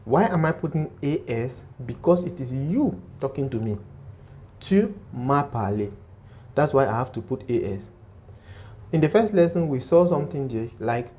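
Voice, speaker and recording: A man's voice: mid-range voice, mellow. A man teaching a French grammar lesson in English, explaining step by step, repeating key points with emphasis.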